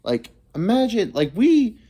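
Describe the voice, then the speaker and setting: A man's voice: high-pitched, huge pitch swings, unhurried, dark tone, breathy edge. A man in his thirties, vlogging a rambling, profane comic monologue that drifts between topics. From United States. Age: 30s. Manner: profane, meandering, self-deprecating.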